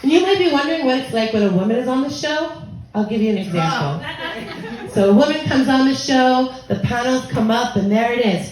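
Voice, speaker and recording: An American woman in her thirties does bawdy stand-up into a stage mic, her voice set a little high. The club room rings with strong echo. A lively crowd laughs around her. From United States. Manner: bawdy, conversational, acts out quoted voices. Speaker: stand-up comedian. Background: audience laughter.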